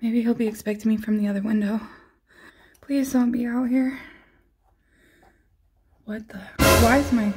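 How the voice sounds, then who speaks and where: A woman's voice: a little high, flat delivery, normal speed, pauses often, mellow, breathy edge. A woman vlogging a staged scare, giggling and exclaiming breathlessly in mock fright. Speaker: family vlogger. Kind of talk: staged prank vlog.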